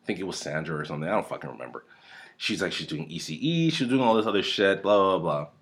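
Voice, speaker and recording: A man in his thirties casually tells a rambling, profane story on his podcast from a home room, close to a desk mic. His low voice is quick, with lively intonation and a fairly bright tone.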